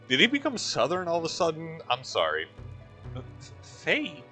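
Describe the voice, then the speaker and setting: A man's voice: on the high side, huge pitch swings, moderate pace, bright, forceful tone, faint music behind. A man hosting a let's play, giving casual gameplay commentary with wry, joking asides.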